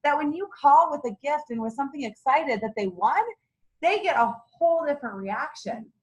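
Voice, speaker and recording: Woman, middle-aged, fairly high voice, chatty folksy trainer, motivational team meeting talk. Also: expressive, brisk, darkish tone, poor audio. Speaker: sales director leading a team meeting.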